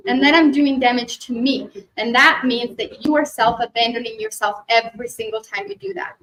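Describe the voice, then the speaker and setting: A woman giving a spiritual workshop talk to a live group, animated, acting out quoted voices and often checking in with "right?", then leading a guided meditation. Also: high voice, fairly quick, few pauses, rough recording. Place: expo workshop room.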